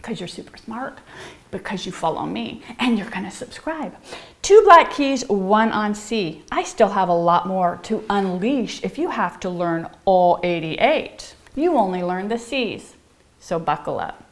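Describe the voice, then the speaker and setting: A woman's voice: mid-range voice, lively intonation, measured pace, a little mellow. A middle-aged woman giving a playful piano lesson, bubbly and theatrical, chanting rhymes in a sing-song way and dropping into whispers. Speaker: piano teacher.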